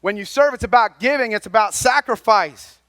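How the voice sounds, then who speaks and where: High-voiced man preaching folksy sermon. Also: moderate pace, dry recording, studio quality. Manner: folksy, conversational preaching that swings between loud and quiet. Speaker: lay speaker at a chapel.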